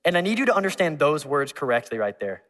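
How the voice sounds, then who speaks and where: A male pastor preaching a sermon, telling a personal story in a lively way, acting out voices and laughing along. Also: a little high, fast talker. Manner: animated, acts out voices, laughs at his own story. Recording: long reverb in a large hall.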